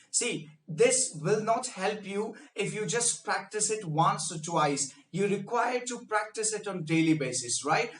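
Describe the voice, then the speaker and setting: A man speech coach giving a pronunciation lesson, repeating and drilling each word with deliberate emphasis. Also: sits high, fairly bright tone, recorded from a distance. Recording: echoey room, mic set back.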